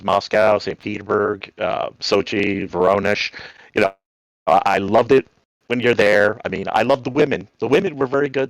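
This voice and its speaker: A man's voice: fairly low pitch, gravelly, dry recording, poor audio. A man from New Jersey calling in, telling rambling stories in a casual way and acting out the voices in them. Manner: rambling, animated, acts out voices in anecdotes. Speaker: caller. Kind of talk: casual storytelling on a call.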